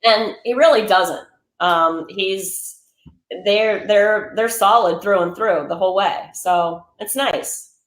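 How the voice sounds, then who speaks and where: A woman's voice: medium pitch, takes it slowly, fairly bright tone. A woman guest on a podcast, a bookseller, talking thoughtfully about a book with lots of "kind of" and "like". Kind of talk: casual book discussion. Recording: roomy echo.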